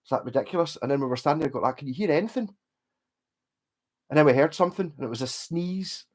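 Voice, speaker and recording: A Scottish man talking loosely to his live stream audience, with a mid-range voice that is neither high nor low. He rambles, chats and drops the odd swear word as he goes. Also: rapid-fire. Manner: rambling, chatty, casual swearing. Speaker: livestream host. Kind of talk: casual livestream chat.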